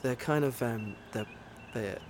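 A man's voice: medium pitch, a little slow, a little hiss or hum. A man co-hosting a casual movie chat, enthusiastic and rambling, with many ums and uhs. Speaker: podcast co-host.

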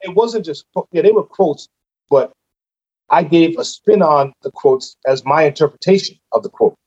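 A man's voice: a little high, animated, moderate pace, darkish tone, husky, dull audio. A man who is a guest on a podcast, telling his story casually and animatedly, acting out his own reactions.

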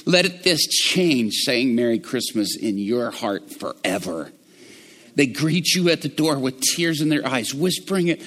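A middle-aged man preaching a sermon. His voice sits a little high for a man. He tells his story quietly and low, then rises into loud, passionate proclamation. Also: lively intonation, measured pace, husky, big-room sound.

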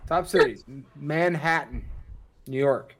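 A man's voice: a little high, slow pace, a crowd in the background. A man co-hosting a podcast, mocking a list he reads aloud and swearing. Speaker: podcast co-host. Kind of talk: casual banter.

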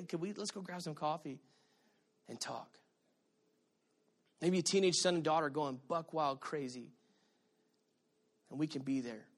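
Bright-voiced, animated male pastor preaching. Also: a little high. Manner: animated storytelling, shouting at peaks. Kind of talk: sermon.

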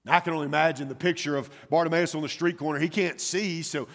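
A man preaching a sermon as pastor, dramatic and swinging between loud calls and hushed words. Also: a little high, fairly even intonation, fast talker, big-room sound.

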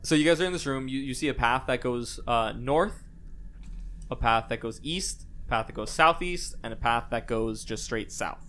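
A man's voice: medium pitch, normal speed, fairly bright tone, a little hiss or hum. A man narrating as game master of a tabletop role-playing game, talking casually with many restarts.

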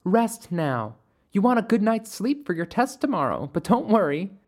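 A storyteller voicing a ghostly mother who speaks softly, sweetly and soothingly. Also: medium pitch, very animated, moderate pace, pitched above the performer's own voice. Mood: eerily tender. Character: ghostly mother, soft and doting, eerily tender.

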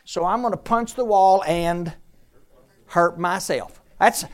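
A woman teaching a Bible class to a room of listeners, lively and joking as she quizzes them. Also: fairly high pitch, a little slow. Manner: lively, jokey, quizzes the audience.

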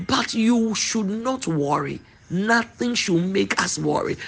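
A man's voice: high-pitched, animated, takes it slowly, gravelly, fairly bright tone, faint music behind. A man preaching a sermon, emphatic and repetitive, drawing out declarations.

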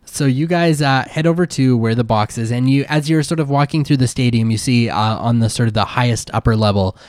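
A man running a tabletop game as game master, narrating in a relaxed way full of fillers and asides. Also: mid-range voice, a little fast, no room sound.

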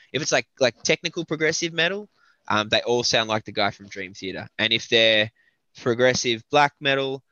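An Australian metal vocalist chats casually in an interview, thinking aloud with lots of fillers. His lowish voice sounds pushed and bright, captured in dull, lo-fi, dry audio with no room sound.

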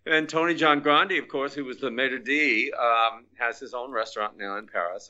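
A man's voice: medium pitch, normal speed, hardly any pauses, pushed and bright. An older man reminiscing casually about his former restaurant staff, chatty and laughing often, with French words dropped in. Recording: dull lo-fi recording.

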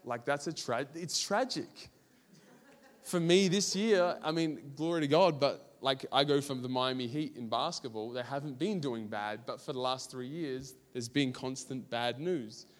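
A man's voice: medium pitch, measured pace, long reverb tail. A young man with an Australian accent, giving a casual, rambling sermon full of fillers and self-deprecating stories. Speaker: preacher.

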